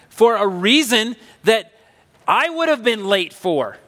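A man with a high, bright voice delivers a sermon like a personal story, loose and conversational with emphatic swells. The long reverb of a church sanctuary hangs behind every phrase. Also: very animated, slow. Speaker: pastor.

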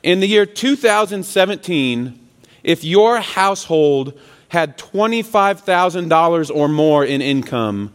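A man's voice: a little high, animated, a little slow, smooth, long reverb tail. A man serving as student pastor, preaching a sermon in a casual, joking, conversational way. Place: church sanctuary.

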